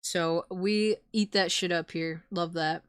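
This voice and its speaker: A woman's voice: lowish voice, fairly even intonation, slow, clean tone, dry recording, clean studio sound. A young woman streaming, chatting casually with viewers, laughing often and swearing freely. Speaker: VTuber streamer. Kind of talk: casual chat reading viewer messages.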